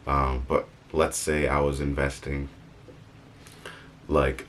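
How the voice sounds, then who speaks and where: A man's voice: very deep voice, little pitch movement, takes it slowly, fairly bright tone, slight background noise. A young man talking casually in a vlog, rambling and correcting himself with joking asides. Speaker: vlogger. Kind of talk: casual motivational vlog talk.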